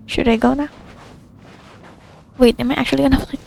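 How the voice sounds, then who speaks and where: A woman's voice: sits high, fairly even intonation, brisk, creaky, pauses often, a little mellow, soft background music. A young woman chatting casually to herself while playing a video game, giggly and talkative. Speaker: gamer playing a story quest. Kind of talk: casual gameplay commentary.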